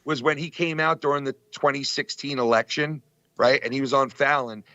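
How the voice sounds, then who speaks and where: A man chatting casually on a podcast, telling stories in an excitable, profane way with lots of fillers. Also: mid-range voice, brisk, muffled recording. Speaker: podcast co-host. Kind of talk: casual chat.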